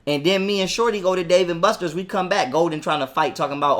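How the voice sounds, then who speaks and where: Man, high pitched, heated, profane storytelling, casual interview. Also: fast talker, a bit bright. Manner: heated, profane, quotes his own arguments. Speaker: interview guest.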